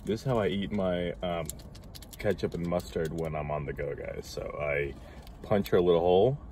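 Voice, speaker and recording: Low-voiced man chatting over fast food. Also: slight background noise. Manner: relaxed, chatty, mumbles while chewing. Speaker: co-host of a food channel. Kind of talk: casual mukbang chat while eating.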